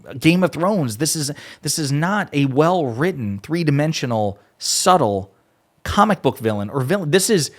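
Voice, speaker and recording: A man's voice: on the high side, animated, moderate pace. A man giving emphatic, exasperated political commentary, often profane.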